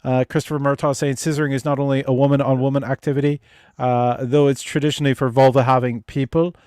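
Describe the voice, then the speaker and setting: A man's voice: medium pitch, flat delivery, fast, darkish tone, clear, resonant tone, no room sound, studio quality. A man hosting a relationship advice livestream, chatting casually with viewers and guests, stumbling over restarts and swearing freely. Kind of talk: casual livestream chat reading viewer comments.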